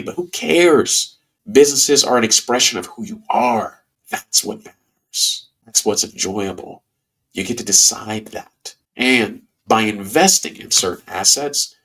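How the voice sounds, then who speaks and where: Male podcast host, lowish voice, stuffy nose, folksy and animated. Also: slightly rough. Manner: animated, folksy, bursts of excitement. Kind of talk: casual podcast monologue.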